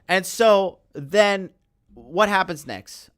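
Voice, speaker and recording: A man hosts a livestream and rants into the mic in a heated, rambling stream full of swearing. His voice is smooth and mid-pitched, with a dry sound and no room echo. He sounds sleepless late at night. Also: animated, moderate pace. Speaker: podcast host. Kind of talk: ranting livestream monologue.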